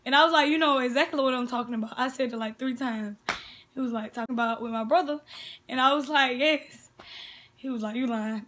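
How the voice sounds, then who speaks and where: Young woman, high bright voice, chatty animated retelling, casual. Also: fairly quick, a little hiss or hum. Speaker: sister of the vlogger. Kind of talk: casual chat.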